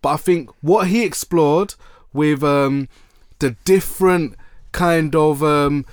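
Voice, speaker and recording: A man chatting casually about music as a podcast co-host, slangy and animated. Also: a little high, takes it slowly, clear, resonant tone, dry recording, clean studio sound. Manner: slangy, animated, exclaims loudly when surprised.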